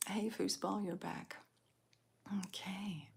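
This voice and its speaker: A woman whispers a late-night live chat in an airy, almost voiceless hush. Her pace is very slow and unhurried, with a low, gravelly texture under the breath. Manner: soft, slow, breathy whispering with small laughs. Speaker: ASMR livestream host.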